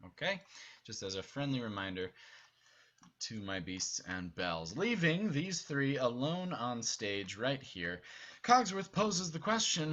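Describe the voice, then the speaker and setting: A man's voice: medium pitch, bright, forceful tone, lo-fi sound. A man acting as theater director, walking a cast through stage blocking over a video call in an upbeat, instructive way. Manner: upbeat, instructive, briefly acts out lines. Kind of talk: online rehearsal blocking instructions.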